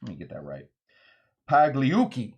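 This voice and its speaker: A man's voice: lowish voice, animated, normal speed. A man hosting a cocktail show who tells drink history in a rambling, joking way, often breaking into playful voices for the people in his story. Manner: rambling, jokey, acts out voices in anecdotes. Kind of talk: casual storytelling lesson.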